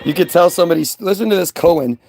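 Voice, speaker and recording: High-pitched guy ranting sarcastically while reacting to a video. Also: very fast, gravelly, darkish tone, soft background music. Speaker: commentator. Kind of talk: casual reaction commentary.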